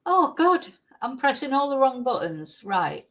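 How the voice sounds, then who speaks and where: A woman's voice: high voice, big pitch swings, unhurried, fairly bright tone. A woman hosting a casual livestream. She rambles chattily and thanks viewers as she goes. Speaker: livestream host.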